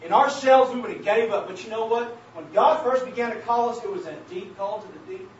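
A man preaching a sermon and sharing his testimony, calling out to the congregation as saints of God and building to emphatic shouts. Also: high voice, animated, fairly quick. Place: church hall. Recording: very echoey, distant, dull church recording with faint hiss.

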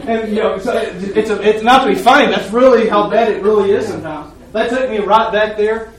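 A man with a fairly high voice shares a heartfelt testimony, his earnest story rambling along with repeated words and restarts. He sounds a little distant from the microphone, and the room around him rings with echo like a church hall. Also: a little fast, crowd noise. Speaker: church member giving testimony. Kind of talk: personal faith testimony.

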